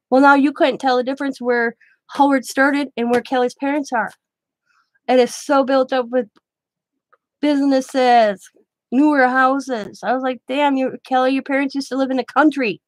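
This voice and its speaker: A woman's voice: high voice, no echo. A middle-aged woman hosting a craft livestream, chatting casually and rambling through anecdotes while she works. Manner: rambling anecdotes, quoting others in her own voice. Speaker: craft channel host.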